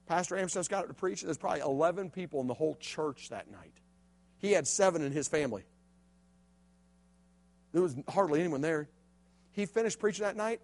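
A middle-aged man from Illinois giving a sermon testimony, dropping to a hush and then rising to a shout. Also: a little high. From Illinois, USA. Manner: swings from hushed to shouting. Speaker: preacher.

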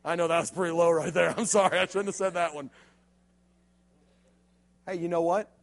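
A man's voice: fairly high pitch, steady tone, normal speed. A man preaching a playful youth sermon, joking with the crowd and acting out stories in different voices. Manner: playful, jokey storytelling with acted-out voices. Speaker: youth pastor.

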